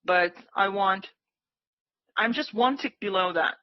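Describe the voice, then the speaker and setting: A woman's voice: mid-range voice, unhurried, no room sound. A woman calls out live trades with eager, pleading energy, cheering prices toward her target. Her voice sits in a middle register. The sound is dry and slightly muffled. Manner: excitable, cheering the market on, pleading. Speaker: day-trading livestream host. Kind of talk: live trading commentary.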